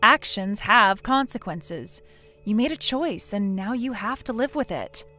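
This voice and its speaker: A woman's voice: medium pitch, expressive, unhurried, sharp tone, faint music behind. A woman voicing a blunt young female friend in a text-message story, lecturing firmly. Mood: stern. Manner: firm, lecturing.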